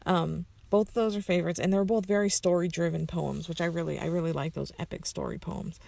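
A woman's voice: fairly low pitch, fairly even intonation, brisk, gravelly, darkish tone, no echo. A woman casually answering a list of questions, rambling with lots of fillers and self-corrections. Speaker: community member answering questions.

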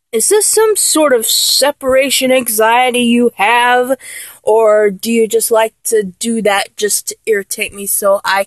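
A woman's voice: on the high side, dry recording. A woman as a flustered would-be dominant lover. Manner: exasperated, keeps correcting herself. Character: flustered young woman trying to act dominant. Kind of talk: comedic audio role-play.

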